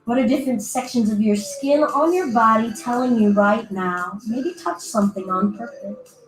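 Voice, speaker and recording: A fairly high-voiced woman leads a yoga class in an echoey room, soft music playing faintly behind her. She talks casually and playfully, cueing stretches and giving her breath and hips little voices of their own. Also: moderate pace. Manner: playful, chatty, voices her body parts in little asides. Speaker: yoga teacher. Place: indoor room, virtual class.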